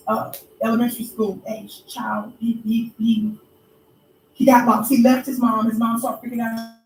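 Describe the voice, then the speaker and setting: In an echoey room with faint music, a woman vlogger recorded at a distance from the mic delivers a mocking, preacher-like story commentary. Her voice is a little high, and there's slight background noise.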